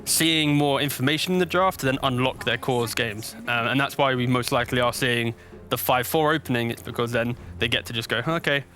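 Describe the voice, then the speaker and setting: Bright-voiced esports analyst man. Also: mid-range voice, fairly quick, faint music behind. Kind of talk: live esports desk analysis.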